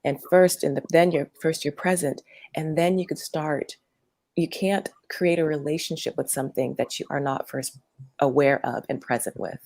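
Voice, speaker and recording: Low gravelly woman rambling gently, lots of um and like, dry close sound. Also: steady tone, normal speed, no echo. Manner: meandering, hesitant, many fillers and restarts. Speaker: workshop teacher, interview guest. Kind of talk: conversational interview.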